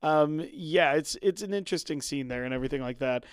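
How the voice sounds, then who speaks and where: A man's voice: fairly high pitch, a little fast, clear, resonant tone, dry recording, clean studio sound. A man co-hosting a casual podcast, recapping scenes of a TV episode and chuckling often as he retells them. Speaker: podcast co-host.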